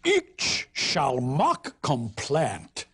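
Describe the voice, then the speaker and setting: A crafty male sheep thief pretends to be a southern nobleman, voiced by a woman lecturer. He drags out each old-fashioned word slowly, with lordly airs and a swooping, lively pitch. The voice carries a slight huskiness. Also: breathy edge, exaggerated voice. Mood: pompous. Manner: slow, affected, pompous Middle English reading.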